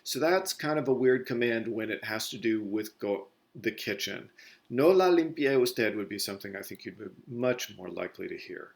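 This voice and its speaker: An animated male Spanish teacher, his lowish voice showing vocal fry, speaks at normal speed in a recorded grammar lesson. He lays out the material step by step and stops to correct himself mid-sentence.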